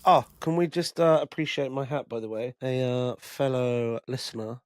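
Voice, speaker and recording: A man's voice: mid-range voice, fairly even intonation, normal speed, heavy background noise. Chatty, foul-mouthed man on a podcast. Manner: loose, chatty, swears freely. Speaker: podcast co-host. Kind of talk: casual podcast chat.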